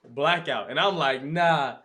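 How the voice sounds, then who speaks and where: A man on a podcast telling a story in a lively way and acting out his own reactions. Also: on the high side, moderate pace. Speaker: podcast host. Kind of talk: casual storytelling chat.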